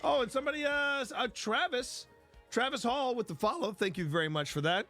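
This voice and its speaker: A man's voice: very high-pitched, brisk, pushed and bright, soft background music. A man hosting a casual live stream, rambling and repeating himself as he greets viewers in chat by name. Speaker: livestream host.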